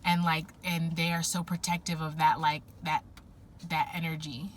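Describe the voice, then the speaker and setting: A woman's voice: sits low, little pitch movement, moderate pace, a little hiss or hum. A woman giving a casual tarot reading to viewers, rambling with frequent fillers and self-corrections. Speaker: tarot reader.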